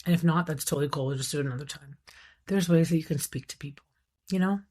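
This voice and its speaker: Raspy-voiced woman hosting a recap podcast. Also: deep voice. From Iran. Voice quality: thick raspy voice. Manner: animated, enunciating, quick asides and acted-out quotes. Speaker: podcast host. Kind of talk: casual reality-TV recap commentary.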